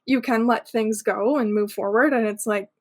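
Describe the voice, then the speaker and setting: A woman's voice: on the high side, steady tone, moderate pace. A woman hosting a podcast interview, affirming her guest and steering the questions. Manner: warm, affirming, agreeable interviewer. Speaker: podcast host. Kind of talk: casual conversational interview.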